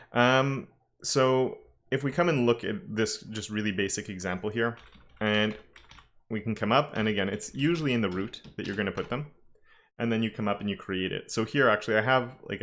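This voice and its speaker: A man's voice: fairly low pitch, a bit bright, a little hiss or hum. A man teaching a live-streamed coding lesson, talking casually and thinking aloud with frequent self-corrections. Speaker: web development instructor.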